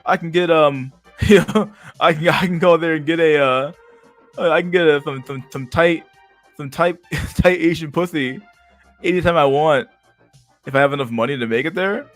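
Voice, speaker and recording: A man's voice: a little high, normal speed, faint music behind, pitched above the performer's own voice, close to an everyday voice. A man putting on the voice of a crude, boasting older man, stammering and giggling. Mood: boastful.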